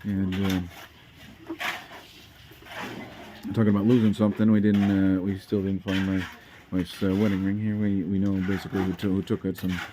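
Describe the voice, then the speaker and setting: A man's voice: deep voice, little pitch movement, moderate pace, long pauses, mellow, slight background noise. A man chatting casually as a vlogger, rambling and hesitant, with many fillers and repeated words.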